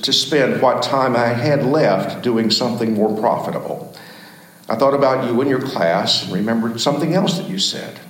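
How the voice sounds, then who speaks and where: A man, the pastor, preaching a sermon in a folksy storytelling manner, telling jokes and anecdotes. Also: medium pitch. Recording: very echoey church room.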